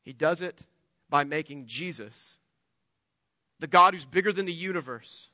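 A man's voice: fairly high pitch, measured pace, sharp tone, dry recording, muffled recording. A man preaching a sermon as pastor, impassioned and building to emphatic peaks.

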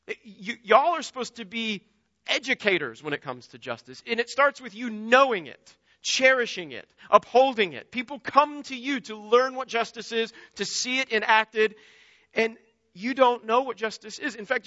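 Brief: male pastor, sermon delivery, high bright voice, earnest and emphatic, dry dull lo-fi sound. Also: dry recording. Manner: earnest, emphatic, repeats words and restarts often.

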